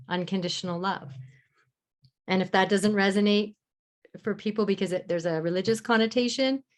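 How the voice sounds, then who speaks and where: A woman hosting a live online masterclass as a mentor, explaining in an encouraging way and speaking mantras softly and slowly. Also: mid-range voice. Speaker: love mentor and masterclass host.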